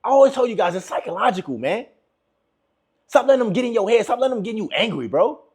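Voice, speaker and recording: A young man with a husky, fairly high voice lectures viewers on relationships in a loose, emphatic way. He circles back to the same points over and over and keeps calling his audience bro. His pitch swings widely as he drives each line home. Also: big pitch swings, fast, darkish tone. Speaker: relationship advice vlogger. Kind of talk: casual advice monologue.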